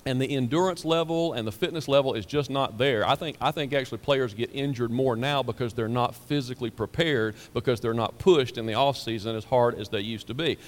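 A man's voice: mid-range voice, a little fast, few pauses. A man preaching as a pastor, casual and emphatic, often repeating his words. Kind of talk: sermon. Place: church sanctuary. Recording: hall reverb.

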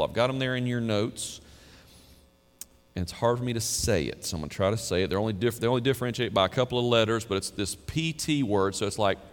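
A male pastor preaching a sermon in an emphatic, conversational style, at times dropping quiet and low. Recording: reverberant hall.

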